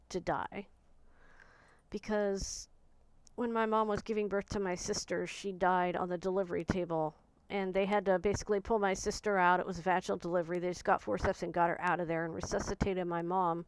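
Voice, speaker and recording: A woman in her forties speaking in a personal, reflective monologue, soft and searching, often pausing and restarting her sentences. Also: mid-range voice, steady tone, smooth, no room sound. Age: 40s. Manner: soft, searching, halting speech with frequent restarts. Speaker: vlogger.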